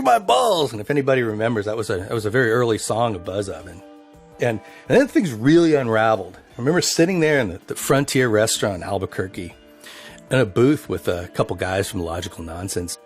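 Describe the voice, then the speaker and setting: A man tells a crude road story for a documentary, his pitch rising and falling in a lively way. His swearing storytelling runs over faint music behind him. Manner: animated, profane anecdote telling. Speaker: band member.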